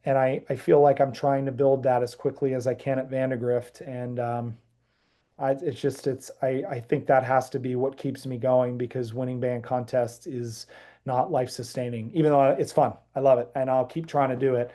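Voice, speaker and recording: A middle-aged man, a band director, giving earnest, halting interview answers with many restarts. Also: medium pitch, little pitch movement, dark tone. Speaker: high school band director, guest.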